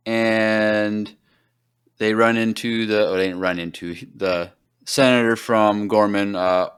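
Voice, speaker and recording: A man with a lowish, slightly bright voice, clear and resonant, hosts a podcast and casually recaps an episode. He rambles, his speech loaded with fillers like "like" and "um."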